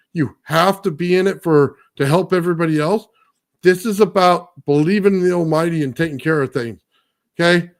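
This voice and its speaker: Blunt, profane man ranting, somewhat high voice. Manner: blunt, profane, repeats "okay?" after every point. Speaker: guest, builder. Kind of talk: heated rant in casual talk.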